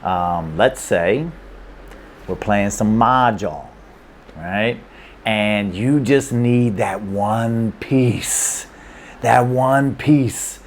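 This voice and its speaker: Laid-back low-voiced man teaching casually. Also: drawn-out words, a little hiss or hum. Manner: checks in with frequent 'okay?' and 'right?'. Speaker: language teacher. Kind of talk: casual explainer lesson.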